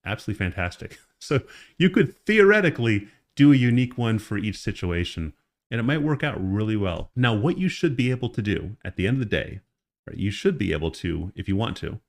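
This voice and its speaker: A man's voice: on the low side, big pitch swings, a little fast, gravelly. A man teaching an online course lesson, explaining in a casual, conversational way with frequent check-ins to the listener. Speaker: course instructor. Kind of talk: screen-recorded tutorial lesson.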